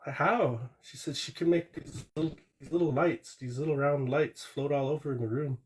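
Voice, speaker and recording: A man's voice: fairly high pitch, steady tone, moderate pace, darkish tone. A man calling into a live stream and telling a true ghost story in a rambling, plain-spoken way, with small restarts and asides. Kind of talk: casual storytelling.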